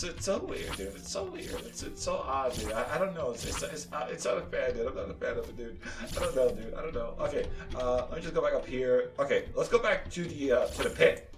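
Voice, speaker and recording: A young man casually commenting on his own gameplay, rambling with lots of "like" and "dude" and stammered repeats. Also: medium pitch. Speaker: gaming YouTuber. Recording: roomy, slightly distant mic with faint game music.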